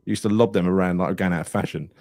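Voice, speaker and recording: A man's voice: deep voice, fairly even intonation, fast talker, darkish tone, no echo, clean studio sound. A man, co-hosting a live football podcast, telling stories with lots of swearing and laughter. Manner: swearing, storytelling, laughs a lot. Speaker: podcast co-host.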